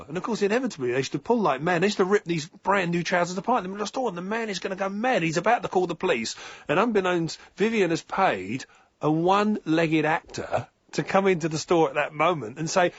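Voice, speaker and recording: A man with a fairly high, husky voice tells a funny story with lively swings in his pitch. The sound is dry and dull, like a lo-fi recording. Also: fast talker, no room sound. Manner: comic storytelling, mimics voices. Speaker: musician, interviewee. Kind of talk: interview anecdote.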